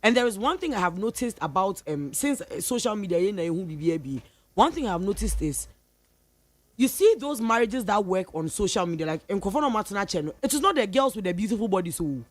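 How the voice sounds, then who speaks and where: Ghanaian lady on the radio, lively and playful, does her friends' voices, dry studio sound. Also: medium pitch, brisk, dry recording. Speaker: radio host. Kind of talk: casual radio talk mixing English and Twi.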